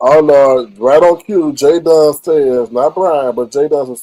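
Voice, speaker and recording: A man's voice: fairly high pitch, unhurried, dark tone, no room sound, rough recording. A man hosting a live stream, chatting sassily with his chat and reacting to their messages. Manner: sassy, chatty, talks straight to chat. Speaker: livestream host reading chat. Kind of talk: casual live-stream commentary.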